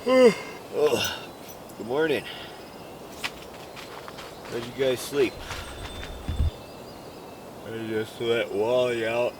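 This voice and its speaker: A man's voice: mid-range voice, very slow, pauses often. Chatty man vlogging from a campsite. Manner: chatty, playful, talks to viewers. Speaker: outdoor vlogger. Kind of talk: casual camping vlog. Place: outdoor campsite in the mountains. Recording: outdoor ambience noise.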